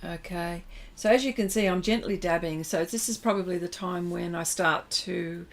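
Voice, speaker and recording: A woman teaching a livestream painting demonstration, chatting with viewers as she works and pausing often to find her words. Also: fairly low pitch. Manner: chatty, reads and answers viewer comments while working; halting, many fillers and restarts. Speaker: art instructor.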